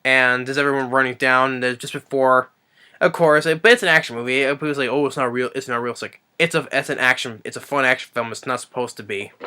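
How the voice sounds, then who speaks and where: A man's voice: fairly quick, bright, forceful tone, clear, resonant tone. A man reviewing a movie off the cuff, rambling with lots of fillers and restarts. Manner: briefly acts out quotes in a higher voice.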